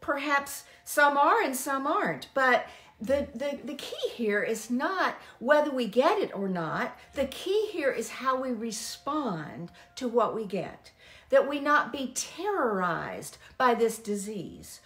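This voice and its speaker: A woman with a fairly high, very lively voice talks earnestly about faith to her listeners. Her delivery is conversational and warm in its address to friends. The recording has a roomy echo. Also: takes it slowly. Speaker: poet and spiritual director. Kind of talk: conversational devotional talk.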